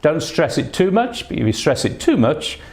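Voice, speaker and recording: A man's voice: fairly high pitch, sing-song, moderate pace, a little mellow. A man teaching an online exam-prep lesson, patient and instructive, with plenty of "uh" and "um" fillers between his points. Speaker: English test teacher.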